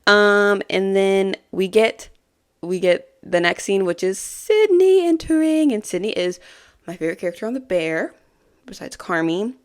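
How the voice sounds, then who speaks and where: A woman's voice: mid-range voice, very animated, a little slow. A woman hosting a podcast, recapping a TV episode in a casual, chatty way, giggling often and filling her talk with ums and likes. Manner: chatty and giggly, full of fillers. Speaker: podcast host.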